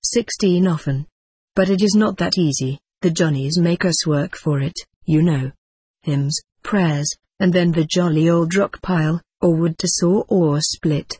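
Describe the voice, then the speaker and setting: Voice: mid-range voice, unhurried, darkish tone, husky, no echo. A reader voicing a thin-faced, languid man with an Oxford English accent in a storybook. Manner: languid, drawling. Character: thin-faced languid man, former reform-school boy.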